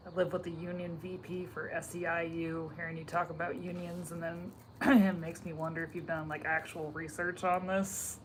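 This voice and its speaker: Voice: mid-range voice, flat delivery, moderate pace. Off-hand podcast co-host over faint noise. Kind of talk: casual podcast banter.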